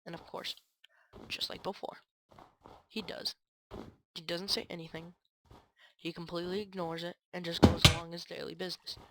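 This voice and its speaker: Low-voiced woman ranting over gameplay. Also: level tone, moderate pace, long pauses, a bit bright, slight background noise. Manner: rambling, aggrieved storytelling with fillers. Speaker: gaming channel creator. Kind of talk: casual game commentary.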